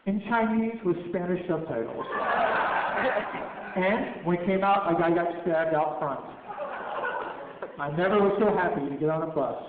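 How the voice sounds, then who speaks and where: A man telling a story to an audience, acting out the dialogue with lively voices, recorded on a cell phone in an echoey room. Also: high-pitched, moderate pace, long pauses, phone-quality sound, heavy background noise. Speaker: speaker at a Q&A. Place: skate shop.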